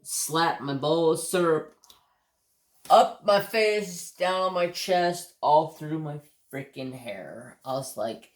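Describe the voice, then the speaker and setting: An American man chats casually on his livestream, drawling and unhurried. He swears freely and tells stories with hiccups breaking in. The room around him sounds echoey. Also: on the high side, lively intonation. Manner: rambling, profane, easygoing storytelling. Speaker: craft channel host.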